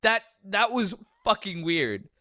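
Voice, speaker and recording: A man's voice: sits high, very animated, slow, bright, forceful tone, no room sound, clean studio sound. A man co-hosting a podcast, casually reviewing a film with a lot of swearing and laughter, acting out scenes as he goes. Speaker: podcast co-host. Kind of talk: casual movie review chat.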